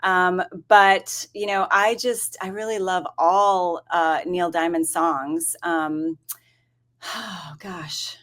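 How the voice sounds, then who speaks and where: A woman's voice: fairly low pitch, flat delivery, slow pace, fairly bright tone. A woman guest who is a dietitian, talking casually in a chatty way with frequent fillers. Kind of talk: casual chat.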